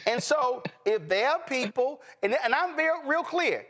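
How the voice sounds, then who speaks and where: A man's voice: extremely high pitch, lively intonation, moderate pace, few pauses, fairly bright tone. A man hosting a talk show, blunt and joking, talking slang and cussing straight to his viewers. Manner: speaks straight to viewers, appeals for support. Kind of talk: unscripted show banter and storytelling.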